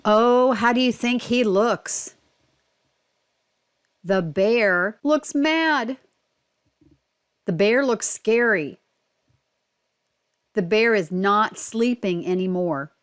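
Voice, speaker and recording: Slow, clear woman reading a picture book. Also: medium pitch, lively intonation. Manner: slow and clear, pausing to ask simple questions. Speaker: teacher reading aloud. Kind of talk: picture book read-aloud for children.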